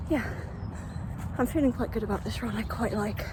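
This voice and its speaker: Slightly breathless mid-run, a young female vlogger chats casually and upbeat about her running, speaking informally at normal speed in a voice on the high side. She's outdoors, recorded on a phone with plenty of background noise.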